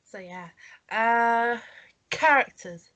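A woman's voice: fairly high pitch, drawn-out words, a bit bright, dull audio. Woman co-host, stuffy and nasal from a cold, chatty and rambling, coughs now and then. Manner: rambling, full of fillers and restarts, coughing. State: has a cold. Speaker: podcast co-host. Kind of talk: casual chat reviewing a holiday special.

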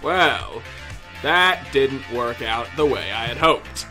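A man commentating his own gameplay, yelling and cursing at the game in frustration, with mock-pompous outbursts. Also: medium pitch, animated, slow pace, faint music behind.

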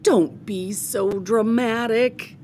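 A woman's voice: on the high side, fairly even intonation, slow pace, a little mellow, a little hiss or hum, pitched above the performer's own voice. A woman voicing an exasperated, fed-up mother in a storybook read-aloud, speaking sternly.

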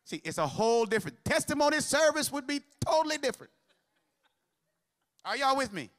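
A man's voice: very high voice, big pitch swings, brisk, fairly bright tone. A man preaching a sermon as pastor, mixing humor with call-and-response to the congregation.

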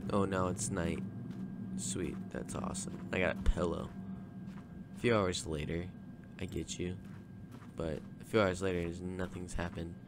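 A man's voice: deep voice, vocal fry, noisy background. A man giving casual, profane let's play commentary as he plays. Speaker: gamer.

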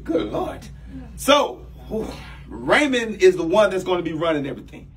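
A man playing a new boss in a comedy sketch, bossy, loud and teasing, with big swings in pitch. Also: big pitch swings, moderate pace.

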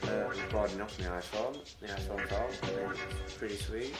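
A man with a Yorkshire accent chats casually and laughs at himself. His voice sits a bit low, and loud music plays behind him. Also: fairly even intonation, normal speed, reverberant, rough recording. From Yorkshire, England. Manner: rambling, laid-back, self-deprecating. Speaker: vlogger. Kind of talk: casual chat.

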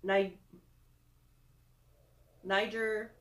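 A woman's voice: medium pitch, level tone, drawn-out words, echoey room. A young woman chatting casually through a product review, self-deprecating with giggly asides. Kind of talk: casual screen-recorded review.

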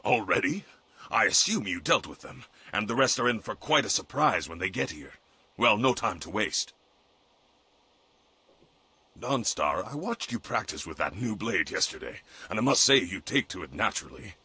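An actor playing a stately older male weapon master in a game, speaking in a formal, measured way. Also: lowish voice, big pitch swings, pushed and bright, husky, no echo, full character voice.

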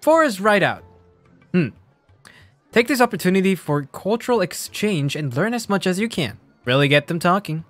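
A man's voice: high-pitched, sing-song, moderate pace, a bit bright, no room sound, faint music behind. A man streaming a video game, laughing often and reading the game text aloud.

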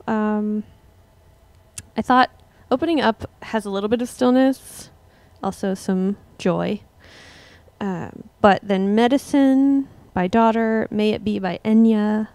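A young woman musician casually chatting with her livestream viewers between songs, relaxed and rambling. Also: mid-range voice, creaky, no echo. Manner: relaxed, rambling, laughs at herself.

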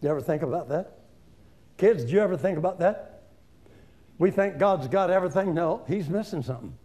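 An older male evangelist preaches in a folksy, conversational way, driving each point home with emphasis. His voice sits high for a man and leaps up and down all the time, and he keeps addressing the room directly. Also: expressive, a little fast, dark tone. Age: 70s. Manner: folksy, emphatic, conversational, talking straight to the audience. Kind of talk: informal seminar sermon.

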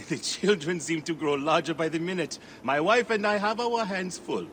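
A man's voice: fairly high pitch, moderate pace, a bit bright, a little hiss or hum, natural voice. An actor playing a friendly family man in a video game, speaking in a cheerful, chatty way. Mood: warm.

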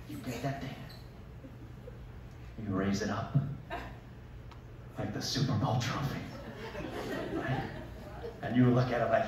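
A man in his thirties doing a stand-up comedy set on a talent show stage, telling exaggerated stories with deadpan asides. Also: on the low side, slow, pauses often, noisy background. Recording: echoey hall, mic from a distance.

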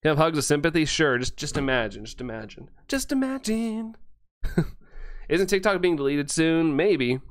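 He's a game streamer running through his live chat out loud, full of excitement, quick with thanks and frequent laughter. His voice sits on the high side, with no echo in the sound.

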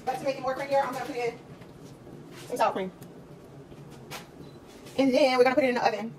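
A woman's voice: high voice, quick pace. A woman hosting a casual home cooking vlog, chatty and joking, laughing at her own jokes. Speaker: cooking show host. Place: home kitchen. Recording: distant mic with steady background noise.

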